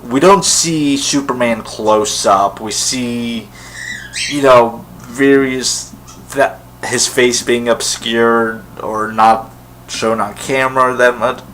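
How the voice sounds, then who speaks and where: A man's voice: mid-range voice, steady tone, slow pace, fairly bright tone, a little hiss or hum, poor audio. A man talking casually to camera in his own vlog, rambling enthusiastically about something he is a fan of, with lots of fillers and restarts. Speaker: vlogger. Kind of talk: casual solo vlog commentary.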